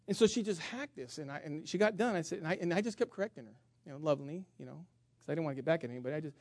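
Man, pastor, sermon, high voice, animated, loud-to-soft swings, self-mocking humor, dry close sound. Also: racing, no echo. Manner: animated, swings between loud emphasis and hushed asides; humorous storytelling with self-mockery.

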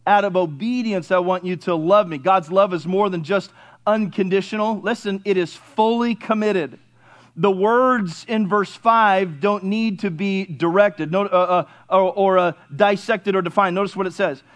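A man preaching a sermon as pastor, asking the congregation questions and answering them himself, at times building to excited shouting. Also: high voice, unhurried.

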